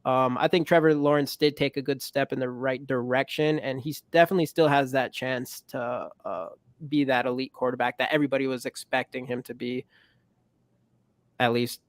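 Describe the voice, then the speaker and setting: A man's voice: mid-range voice, steady tone, fairly quick, no echo. A man hosting a casual sports podcast, who laughs easily and keeps the talk moving. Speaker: podcast host.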